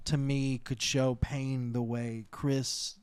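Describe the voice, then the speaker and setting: A man's voice: medium pitch, little pitch movement, slow, darkish tone, smooth. A man co-hosting a podcast, chatting casually and enthusiastically about favorite albums. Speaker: podcast co-host. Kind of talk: casual chat.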